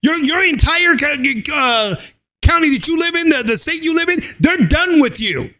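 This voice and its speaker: Ranting male commentator, very high and bright voice, shouty and crude. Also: very animated, moderate pace. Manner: loud, fired up, drawling and crude. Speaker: political commentary host.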